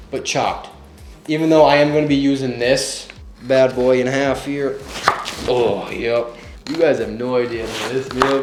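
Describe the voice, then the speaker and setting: A young man chatting casually while cooking in his home kitchen, joking and yelping as onions make him cry. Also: medium pitch. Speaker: home cook. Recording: echoey room, faint music.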